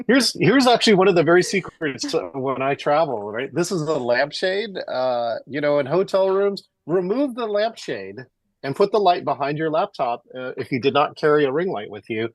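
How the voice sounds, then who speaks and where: A man's voice: fairly high pitch, lively intonation, normal speed, no echo. A man hosting an interview podcast over a video call, talking in a friendly way with many hesitations. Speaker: podcast host. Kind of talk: casual interview chat.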